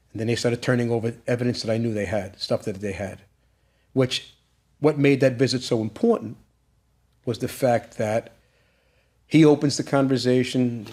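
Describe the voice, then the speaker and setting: A man's voice: mid-range voice, dark tone. Guy retelling a heavy family story, gets worked up and pleading, new sound. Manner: emotional retelling, voice rising to an urgent plea. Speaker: guest. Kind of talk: storytelling in an interview.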